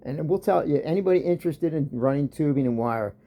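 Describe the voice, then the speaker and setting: A man's voice: on the high side, lively intonation, quick pace, mellow. A man vlogging a rambling, sarcastic rant about an old job, often trailing off.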